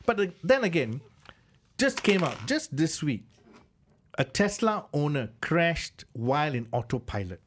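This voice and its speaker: A man's voice: a little high, big pitch swings, unhurried, slight background noise. A man on a radio car show, chatting in a loose, rambling way with lots of fillers as he shares opinions from the studio. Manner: chatty, rambling with many "you know" fillers. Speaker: regular car show co-presenter. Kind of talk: casual radio chat.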